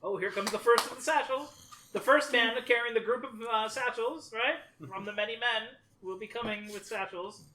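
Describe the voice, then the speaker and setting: A man's voice: very high-pitched, normal speed, pushed and bright, rough recording. A man playing a tabletop game, cracking mock-pious jokes in casual banter. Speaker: player.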